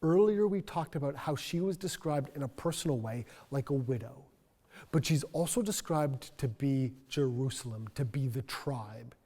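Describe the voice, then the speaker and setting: A male pastor preaching a sermon in a church, earnest and reflective, dropping to a soft voice for emphasis. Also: mid-range voice, animated, normal speed, big-room sound. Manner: earnest, reflective, soft-spoken at key points. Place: church sanctuary.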